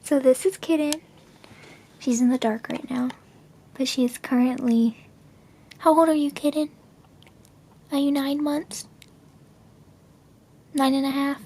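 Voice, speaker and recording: A woman's voice: high voice, steady tone, measured pace, long pauses, mellow, slight background noise. A woman filming her kitten at home, talking to it in gushing baby talk and laughing often. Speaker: pet owner vlogger. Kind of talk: casual home video narration.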